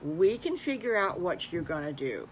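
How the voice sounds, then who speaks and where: An older woman voicing a kindly, fatherly farmer who speaks gently and reassuringly. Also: on the low side, sing-song, slight background noise. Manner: gentle, slow, comforting.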